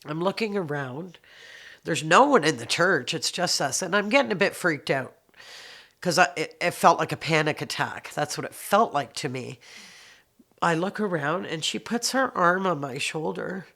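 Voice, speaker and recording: A woman's voice: low voice, expressive, normal speed, vocal fry, a bit bright. A woman, giving heartfelt personal testimony, often repeating phrases and restarting sentences. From Canada. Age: 60s. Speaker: interviewee sharing her life story.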